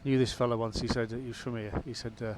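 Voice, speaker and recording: A man's voice: mid-range voice, level tone, fast, a little hiss or hum. A man giving casual, rambling commentary while flying a helicopter in a VR game, with wry asides. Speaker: gamer flying a VR helicopter sim.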